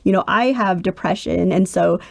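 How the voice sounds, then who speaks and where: A woman's voice: lowish voice, moderate pace, creaky, no echo. A woman in her forties, a military caregiver, talking earnestly in a podcast interview and acting out quotes as she tells stories. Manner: earnest, animated storytelling with voiced quotes.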